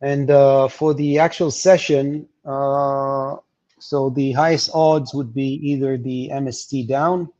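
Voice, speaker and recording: A man walking through market levels on a livestream, explaining with many pauses and fillers. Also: medium pitch, flat delivery, darkish tone, muffled recording. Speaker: market analyst guest.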